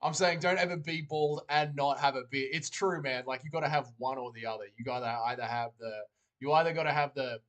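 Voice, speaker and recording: A man's voice: mid-range voice, brisk, a bit bright. A man hosting a casual livestream, joking and rambling while reading chat aloud from a desk mic. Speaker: livestream host.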